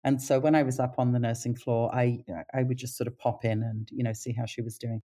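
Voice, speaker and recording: Low-voiced nurse lady chatting, mellow tone, voice jumps up when she quotes ppl. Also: brisk. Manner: animated pitch when quoting others. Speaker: palliative care nurse. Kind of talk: casual storytelling interview.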